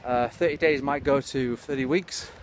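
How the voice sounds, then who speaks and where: A man's voice: mid-range voice, moderate pace. Sweary rambling man, traffic behind. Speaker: comedy vlogger. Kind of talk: absurd comic rant to camera. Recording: clear traffic noise outdoors.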